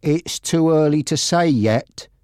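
A man voicing a male police officer delivering bad news quietly and hesitantly in a read-aloud story. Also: fairly high pitch, takes it slowly, clear, resonant tone, no room sound, clean studio sound, pitched above the performer's own voice. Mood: gentle.

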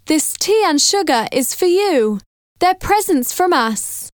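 Squeaky young girl, eager and a bit nervous, woman reader doing her. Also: sing-song, slow pace, no room sound, studio quality, full character voice.

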